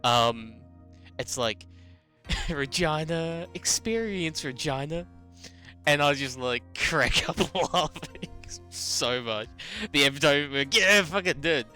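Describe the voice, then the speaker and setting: A man in his twenties with a New Zealand accent, chatting casually to his stream viewers, animated storytelling and laughing often. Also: medium pitch, slow, soft background music. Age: 20s. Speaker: game streamer. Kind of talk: casual chat with live chat.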